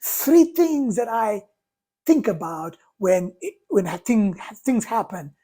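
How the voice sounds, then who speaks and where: Husky-voiced lady doing a motivational talk, slow and emphatic. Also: mid-range voice, sing-song, dark tone. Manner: deliberate, emphatic, drawn-out phrasing. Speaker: motivational speaker.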